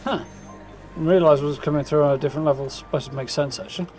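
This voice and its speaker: A man streaming a game live, commenting in relaxed, musing asides and thanking viewers. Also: a little high, quick pace. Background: game sound and music.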